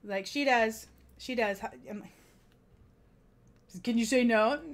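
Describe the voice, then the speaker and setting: A woman vlogger casually telling a story about a dinner out, chatty and animated, laughing often as she recounts it. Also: a little high, takes it slowly.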